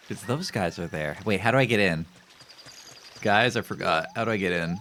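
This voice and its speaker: A man's voice: deep voice, normal speed, background noise. A man streaming gameplay live, chatting casually with his viewers in a joking, self-mocking way. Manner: animated, joking, talks to chat.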